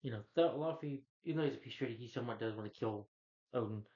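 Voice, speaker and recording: Casting: male reviewer, average pitch, rambling casual plot recap, dull lo-fi audio. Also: fast, dark tone. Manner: rambling, loose retelling full of "like" and "you know". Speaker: movie reviewer.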